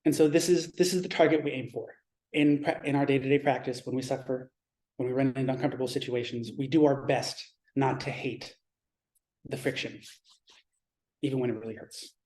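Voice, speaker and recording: Mellow-voiced man giving a reflective dharma talk. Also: medium pitch, steady tone. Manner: reflective, measured, with pauses and restarts.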